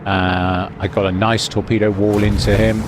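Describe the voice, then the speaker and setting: A man giving relaxed, rambling voice-over commentary on his own gameplay, with fillers and restarts. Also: on the low side, moderate pace, background noise. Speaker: gaming commentator.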